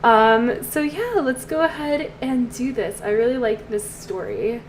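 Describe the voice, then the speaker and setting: A woman casually talking through her game, inventing a story as she plays. Her voice sits fairly high, and she speaks at an unhurried, drawn-out pace. Fillers and pauses break up her chatty storytelling. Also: lively intonation, slight background noise. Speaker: let's play host.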